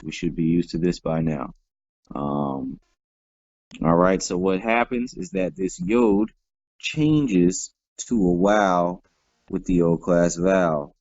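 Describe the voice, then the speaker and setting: A man with a very low voice teaches a grammar lesson at an unhurried, deliberate pace. He explains each form patiently and checks in with the class as he goes. The recording is dry and somewhat dull, lacking clarity. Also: vocal fry, darkish tone, no room sound. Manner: patient, explains step by step, many "all right" fillers. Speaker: Hebrew teacher.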